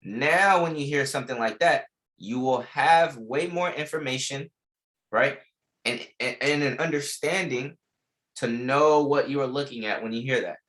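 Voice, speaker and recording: A man's voice: medium pitch, unhurried, fairly bright tone. A young man teaching a live online trading class, repeating key lines with emphasis and casual slang. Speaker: trading instructor.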